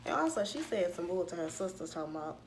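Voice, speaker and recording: Woman, sassy animated recap, lowish voice, faint background hiss. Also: fast. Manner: sassy, animated retelling with acted-out quotes. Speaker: show recap host. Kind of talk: casual commentary recap.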